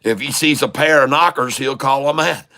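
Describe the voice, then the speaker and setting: A man with a drawl rambles through casual livestream commentary on stock trading. His voice is bright and forward, and his humor is folksy and crude, broken up by easy chuckles. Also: mid-range voice, moderate pace.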